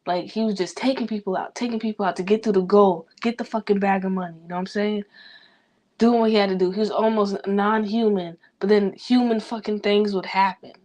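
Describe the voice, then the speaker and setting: Young woman, vlogger, fast rambling self-talk with heavy swearing. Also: mid-range voice, steady tone, mellow. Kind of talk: rambling personal venting.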